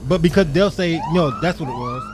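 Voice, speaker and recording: Animated laid-back podcast host man. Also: sits high, fast talker, music in the background. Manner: laid-back, rambling, laughs while talking. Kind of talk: casual chat.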